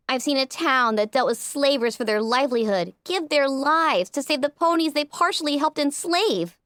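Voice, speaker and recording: Recorded dry on a close mic, a woman narrates a first-person fan fiction audiobook with emotional, impassioned delivery. Her voice sits high with a somewhat bright quality.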